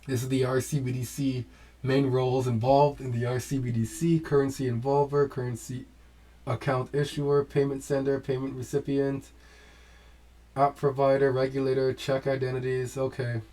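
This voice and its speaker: A man's voice: medium pitch, flat delivery, moderate pace, dark tone, rough recording. A man giving casual crypto commentary, thinking aloud as he reads from his screen and restarting phrases.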